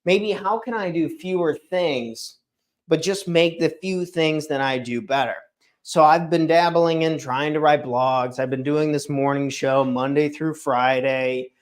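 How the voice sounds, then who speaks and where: On his daily morning livestream, a man talks solo in a casual, earnest, rambling way, often restarting and correcting himself. His voice is on the high side with fairly even intonation and a measured pace, picked up by a streaming setup microphone.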